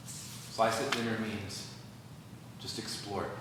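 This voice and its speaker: A man gives a church workshop talk from across a large, echoing hall, moving between calm teaching and lively acted-out exchanges. Steady mid pitch, faint room noise underneath. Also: normal speed. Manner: animated, acts out quoted dialogue. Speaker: workshop speaker. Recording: echoey hall from far off, noisy.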